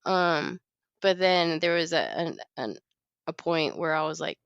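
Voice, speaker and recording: A woman's voice: sits low, big pitch swings, a little slow, vocal fry, clean tone, no echo, muffled recording. A woman co-hosting a podcast, telling a story in a casual chat and laughing often as she goes. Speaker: podcast co-host.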